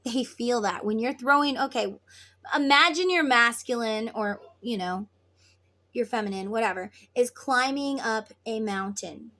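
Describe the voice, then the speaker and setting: Slow-talking higher-voiced woman tarot reader. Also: bright, forceful tone. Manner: earnest, repetitive, casual with swearing. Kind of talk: spiritual advice talk.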